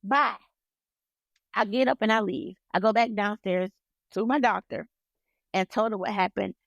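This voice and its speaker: A woman in her thirties co-hosting a podcast, telling a personal story in an emphatic, animated way. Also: medium pitch, normal speed, vocal fry, dry recording, highs cut off. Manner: animated, emphatic, acts out dialogue. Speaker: podcast co-host. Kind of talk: personal storytelling in casual chat.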